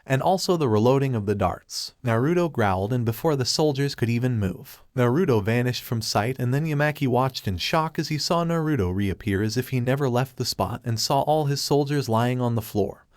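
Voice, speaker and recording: Guy reading a fanfic aloud, even and steady, dry no-room sound. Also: medium pitch, fairly quick, hardly any pauses, dry recording. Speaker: narrator. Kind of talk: scripted narration of fan fiction.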